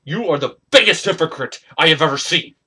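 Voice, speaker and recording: A man cutting an angry, ranting wrestling promo as a hobby performer, swinging between loud bursts and quiet mutters. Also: a little high, lively intonation, fairly quick, breathy edge.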